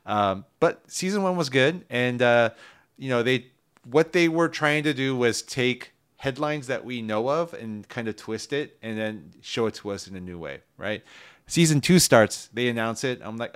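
A man co-hosting a casual film review podcast, chatty and animated, often repeating words as he talks. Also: on the low side, normal speed, clean tone. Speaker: podcast co-host.

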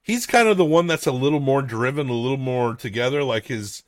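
A man's voice: mid-range voice, brisk, dry recording, studio quality. A young man hosting a casual movie review chat, rambling with lots of fillers and swearing. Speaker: podcast host.

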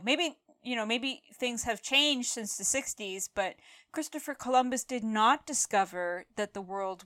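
Blunt, sarcastic woman with a bright voice. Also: on the high side. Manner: blunt, sarcastic, lively asides. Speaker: podcast co-host. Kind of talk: casual film review chat.

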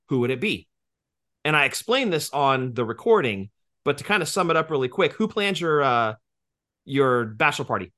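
Bright-voiced joking podcast man. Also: mid-range voice, sing-song, normal speed. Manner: joking, profane, explains at length. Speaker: podcast co-host. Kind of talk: casual podcast banter.

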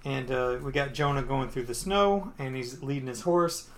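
A man's voice: mid-range voice, moderate pace, a little hiss or hum. A man co-hosting a podcast, casually retelling a comic book story. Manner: casual, filler-heavy, playful. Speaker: podcast co-host.

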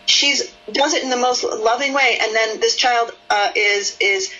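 A woman therapist explaining her work in an interview, sometimes acting out her own curious, soothing session voice with lilting high rises. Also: measured pace, bright, forceful tone, muffled recording.

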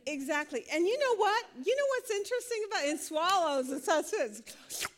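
A woman's voice: extremely high pitch, expressive, moderate pace. A woman teaching a Bible study class, asking questions and laughing often.

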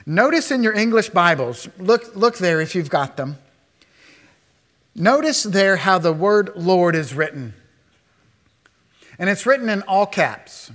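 Male pastor, fairly high voice, emphatic sermon delivery moving from hushed to raised. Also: expressive, normal speed.

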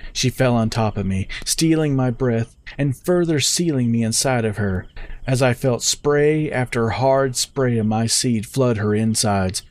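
Give me a man with a middle-pitched voice narrating a first-person story in a steady, measured way.

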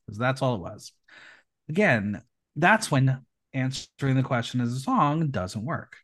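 A man's voice: mid-range voice, lively intonation, a little slow, a bit bright. A man hosting a recap podcast, reading out the episode with playful asides. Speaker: podcast host. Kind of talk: reality show recap podcast.

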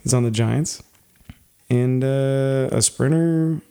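A man's voice: medium pitch, slow pace, mellow. A man co-hosting a casual podcast with friends, wry and self-deprecating as he joins in the jokes. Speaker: podcast co-host. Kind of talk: joking banter.

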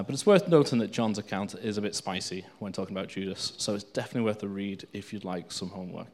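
A man giving an informal Bible teaching, reading scripture aloud between unscripted remarks full of fillers and restarts. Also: fairly low pitch.

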